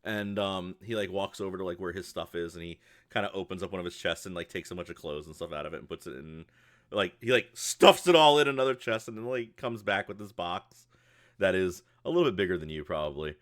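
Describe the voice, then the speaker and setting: A man's voice: low-pitched, fast, fairly bright tone. A man narrating as game master in a casual, rambling way with lots of fillers.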